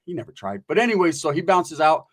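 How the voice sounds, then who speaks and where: A man from Northern California telling a casual story, animated and profane, acting out the voices of the people in it. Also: a little high, quick pace.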